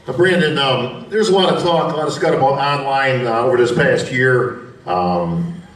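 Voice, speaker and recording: A man's voice: medium pitch, normal speed. A male host moderating a press conference, teasing the athletes with jokes. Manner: teasing, wisecracking. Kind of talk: joking moderation. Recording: echoey room, distant mic, loud crowd.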